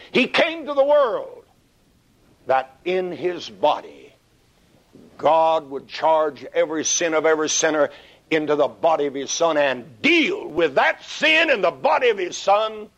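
A man preaching a sermon, dramatic, swinging from hushed whispers to shouted peaks. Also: on the high side, big pitch swings, measured pace. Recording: dull lo-fi recording.

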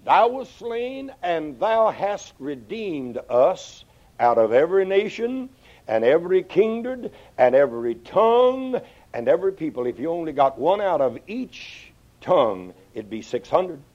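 A man preaching a sermon in an animated way, quoting scripture in old English wording and swinging his pitch widely. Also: unhurried. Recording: dull lo-fi old sermon tape.

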